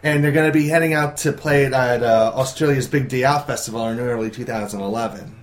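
A man's voice: mid-range voice, fast talker. A man co-hosting a casual amateur talk show, chatting through entertainment news and reciting dates and facts with a few fillers. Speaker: co-host presenting entertainment news.

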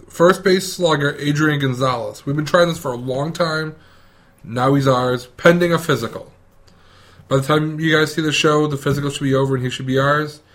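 A man's voice: on the high side, fairly bright tone. Eager fan man giving a sports rundown. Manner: eager fan talk, loose and profane. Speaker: sports segment presenter. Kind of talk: casual sports recap.

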